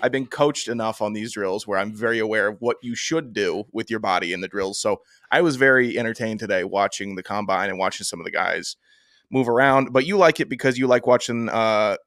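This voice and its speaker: A man co-hosting a football podcast in a casual chat, teasing his co-host and acting out coaches' shouts. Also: on the low side, fairly quick, no echo, studio quality.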